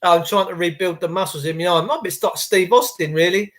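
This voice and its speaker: A middle-aged man, podcasting in a blunt, animated rant and swearing freely. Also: sits high, brisk. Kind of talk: ranting monologue.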